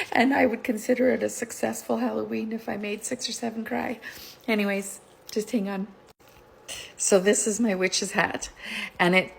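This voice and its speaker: A middle-aged woman chats to her vlog viewers in a rambling, digressive way and laughs often. Her voice sits low, with a gravelly fry running through it. There is faint noise in the background. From Canada. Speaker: vlogger. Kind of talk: casual chat, rambling storytelling.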